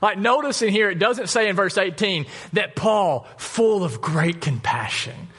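Animated pastor with a higher man's voice. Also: breathy edge. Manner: animated storytelling with jokes and quick asides. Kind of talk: sermon. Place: church.

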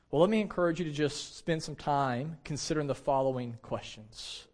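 A man's voice: on the high side, brisk, few pauses. A pastor in his thirties preaching a sermon, speaking directly and conversationally to his congregation. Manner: animated storytelling, shouts when acting out anecdotes.

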